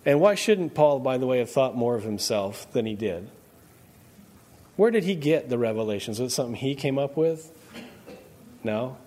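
A man's voice: medium pitch, animated, normal speed, long pauses, dark tone. A man preaching a sermon in a conversational way, quizzing his congregation with questions as he goes. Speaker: pastor.

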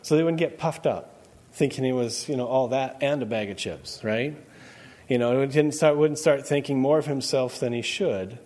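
A man's voice: mid-range voice, moderate pace, a little mellow. A man preaching a sermon in a conversational way, quizzing his congregation with questions as he goes. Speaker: pastor.

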